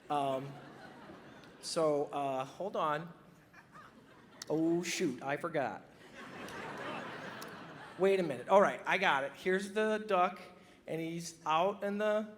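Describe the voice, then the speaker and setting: A man's voice: high-pitched, a bit bright, a little hiss or hum. A comedian doing a middle-aged mother who tells a joke, scatterbrained and digressive, constantly losing the thread and wandering off topic.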